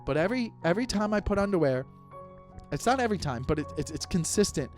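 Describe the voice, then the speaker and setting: A man's voice: sits high, fast talker, faint music behind. A man in his thirties hosting a solo podcast, ranting in an exasperated, comedic way and often restarting his sentences. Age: 30s. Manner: animated, exasperated, repeats and restarts himself. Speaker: podcast host.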